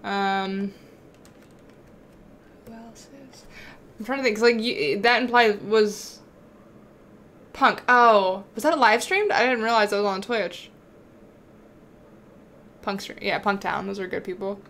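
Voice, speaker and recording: A woman's voice: medium pitch, slow pace, long pauses, slight background noise. A young woman live-streaming a game, chatting casually, swearing freely and bantering with her chat. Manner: excitable, swears freely, talks back to chat.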